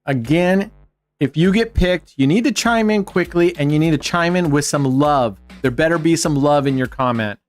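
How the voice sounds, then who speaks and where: Male stream host, upbeat teasing banter, a bit high-pitched, soft music bed. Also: normal speed. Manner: joking, teasing banter with chat. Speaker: livestream host. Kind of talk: casual livestream chat.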